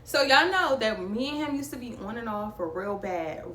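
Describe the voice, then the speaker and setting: A young woman spins a personal storytime for her viewers, chatty and animated, her voice sitting a little high. She sounds a bit away from the mic in a roomy space, with faint ambience behind her. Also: moderate pace, recorded from a distance, slight background noise. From New Jersey. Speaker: vlogger. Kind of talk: storytime vlog.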